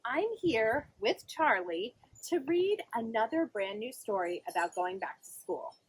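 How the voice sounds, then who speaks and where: A woman reading a picture book aloud for children, singsong and animated, often asking her young listeners questions. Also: a little high, unhurried, breathy edge. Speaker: children's librarian. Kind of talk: storytime read-aloud.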